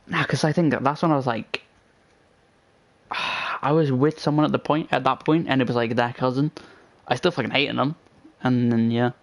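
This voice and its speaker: A man's voice: medium pitch, fairly even intonation, normal speed, creaky, long pauses. A young man chatting casually with a friend, telling stories full of swearing and laughter. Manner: swearing storyteller, laughs often. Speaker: gaming channel host.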